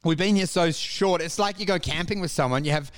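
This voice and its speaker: Australian guy, high-pitched, loose sweary banter, co-host of a comedy chat. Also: brisk, a bit bright, clean tone. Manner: swears freely, laughs through his jokes, puts on mock voices.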